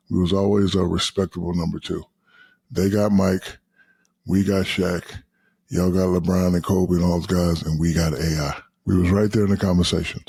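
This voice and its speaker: A man in his fifties, a podcast guest, telling animated, profane stories full of quoted asides. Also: deep voice, gravelly, breathy edge, no room sound. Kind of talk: casual storytelling.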